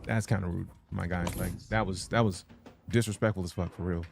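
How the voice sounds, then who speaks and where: A man's voice: sits low, steady tone, a little fast, creaky, background noise. A young adult man streaming a game live, chatting casually, with profane, joking commentary and sudden sing-song bursts. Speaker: gaming streamer.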